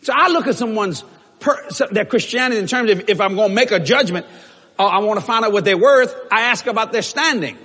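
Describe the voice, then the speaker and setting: Husky male preacher, high lively voice, bright tone, long church-hall reverb, animated and jokey. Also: brisk. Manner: animated, shouting in bursts, joking, acting out quotes.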